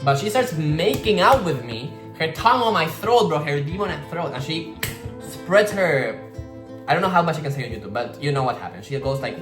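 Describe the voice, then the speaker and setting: A man vlogging in a casual, rambling way, swearing freely and filling his talk with "like.". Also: a little high. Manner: rambling, slangy, swears freely, many "like" fillers. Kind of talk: casual storytelling vlog. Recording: roomy echo with guitar music behind.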